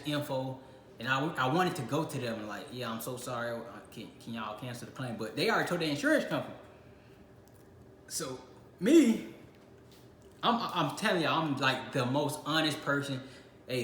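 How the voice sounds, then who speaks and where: A man's voice: mid-range voice, very animated, normal speed, long pauses, fairly bright tone. A young man from Illinois telling a casual personal story on his channel, acting out his own reactions. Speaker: channel host. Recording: echoey room with faint noise.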